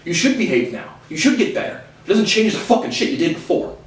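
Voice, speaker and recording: A man's voice: high-pitched, big pitch swings, quick pace. A man delivering an angry, profanity-filled rant to his viewers, hurling insults and repeating himself as he restarts phrases. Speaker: video host. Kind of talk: ranting monologue to camera. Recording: roomy sound from a distant mic.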